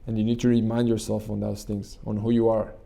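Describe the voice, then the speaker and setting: A man hosting his channel, leading a guided meditation in an earnest, repetitive way with frequent halting restarts. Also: lowish voice, monotone, gravelly, dark tone. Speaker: channel host and coach. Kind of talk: motivational talk with guided meditation.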